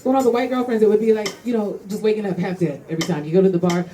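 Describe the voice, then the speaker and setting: A woman's voice: medium pitch, steady tone, very fast, background noise. A young woman doing a loose, rambling stand-up set in a comedy club, often laughing between lines. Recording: live club recording with crowd laughter.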